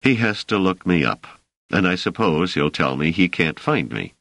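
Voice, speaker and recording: A man's voice: low voice, big pitch swings, moderate pace, a bit bright, dry recording, full character voice. A man reading aloud who voices a scholarly stranger with a dry, ironic, exasperated manner.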